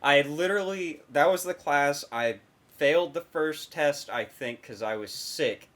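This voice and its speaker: A man's voice: a little high, lively intonation, unhurried, a bit bright. A young man co-hosting a casual podcast, telling a story with lots of laughter and casual swearing. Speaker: podcast co-host.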